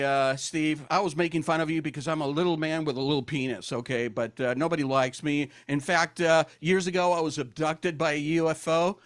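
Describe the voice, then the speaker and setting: A man's voice: a little high, dry recording, studio quality. An older man from Argentina, doing stand-up comedy with self-deprecating jokes and lots of hesitant fillers. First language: Spanish. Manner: self-deprecating, hesitant with fillers, breaks into silly voices and songs.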